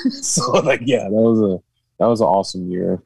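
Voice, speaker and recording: A man's voice: lowish voice, huge pitch swings, normal speed, gravelly, darkish tone, husky, dry recording, poor audio. A man from Hawaii, a podcast guest, telling stories in a laid-back, slangy way with laughs. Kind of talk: casual podcast chat.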